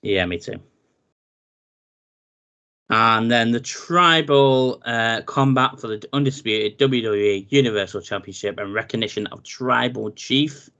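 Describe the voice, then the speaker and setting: A man, co-hosting a casual wrestling chat, running through a match card with animated, jokey asides. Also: mid-range voice, unhurried, creaky, highs cut off. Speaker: podcast co-host.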